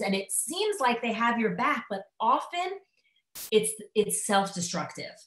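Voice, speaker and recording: A woman's voice: on the high side, big pitch swings, a little slow. Conversational woman lecturing in echoey room. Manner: conversational, acts out inner voices. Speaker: teacher. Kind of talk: live lecture. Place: classroom.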